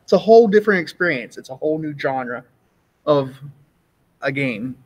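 A man co-hosting a casual gaming podcast, enthusiastic and profane, with halting restarts. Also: on the high side, expressive, highs cut off.

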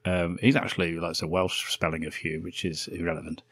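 A man's voice: deep voice, fairly quick, no room sound, studio quality. A man co-hosting a podcast in casual comedic chat, laughing often as he tells stories. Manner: laughs often, animated storytelling. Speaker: podcast co-host.

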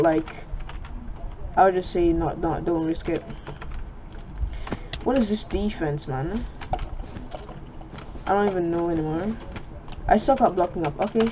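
Slow-talking woman rambling over gameplay. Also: lowish voice. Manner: rambling, joking, trash-talking. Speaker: gaming channel host. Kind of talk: casual gameplay commentary. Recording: muffled lo-fi mic, noisy.

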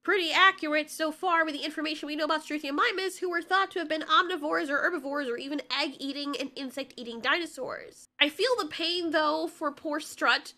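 A woman recapping an animated film in a casual, sarcastic, joking commentary. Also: high voice, a little fast, hardly any pauses. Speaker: video reviewer.

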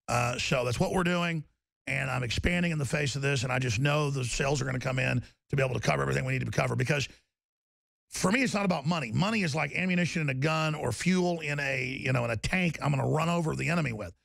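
Gravelly, combative male talk radio host. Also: quick pace, no room sound. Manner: loud, combative, swings into high mocking voices. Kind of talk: heated political talk radio.

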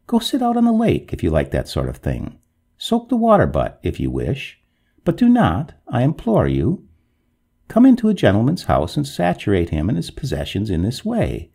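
A man voicing an exasperated gentleman, master of a manor, who talks with testy, sarcastic, old-fashioned politeness. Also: medium pitch, huge pitch swings, moderate pace, vocal fry, breathy edge, heavily acted.

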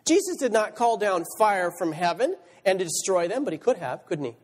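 Male pastor, high animated delivery, reads verses and asks rhetorical questions, reverberant church recording. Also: brisk. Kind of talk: sermon. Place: church sanctuary.

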